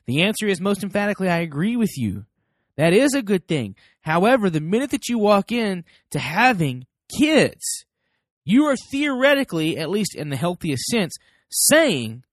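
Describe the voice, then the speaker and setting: Animated, high-pitched American man. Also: a little fast, dry recording, clean studio sound. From United States. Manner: animated and emphatic, acts out both sides of little dialogues. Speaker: parenting podcast host. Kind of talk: motivational talk to listeners.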